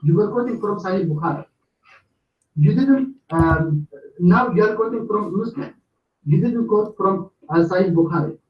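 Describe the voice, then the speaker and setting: Halting man on a distant, echoey call. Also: high-pitched, muffled recording. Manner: halting, many filler sounds. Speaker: debate caller. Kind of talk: debate reading references.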